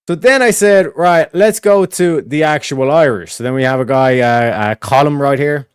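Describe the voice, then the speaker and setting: A man's voice: a little high, moderate pace, clean tone, no echo, clean studio sound. A man streaming, explaining in casual, rambling talk that is full of swearing and repeated asides. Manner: rambling, profane, repeats "do you know what I mean".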